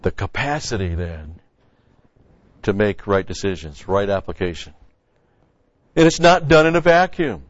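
A man's voice: lowish voice, animated, a little slow, pauses often, no room sound. A man preaching a sermon-style Bible teaching in a conversational, folksy way, repeating key phrases. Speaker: pastor. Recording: dry, dull lo-fi sound.

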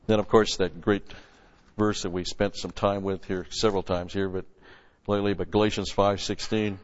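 A man teaching through Bible verses as a pastor, punching key words loudly and then dropping into quick, quieter asides. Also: lowish voice, flat delivery. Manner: emphatic, swells loud on scripture then drops to asides. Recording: lo-fi recording with long hall reverb.

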